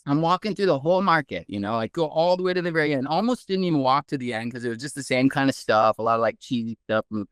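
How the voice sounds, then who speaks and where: A man, a guest researcher, telling a story in a casual, animated way with many "like"s. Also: medium pitch, fast talker, hardly any pauses, clear, resonant tone, dry recording, studio quality. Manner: animated, heavy use of "like".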